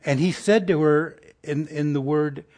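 A man preaching a conversational sermon in a folksy way, asking his listeners rhetorical questions and sinking to a soft, hushed tone for tender passages. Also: on the high side, fairly even intonation, measured pace.

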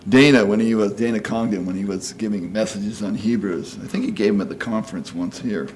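In a homey, talkative sermon, this preacher in his sixties keeps asking "you know?" and acts out the voices he quotes. He speaks fairly quickly in a lowish, slightly mellow voice, with some background noise.

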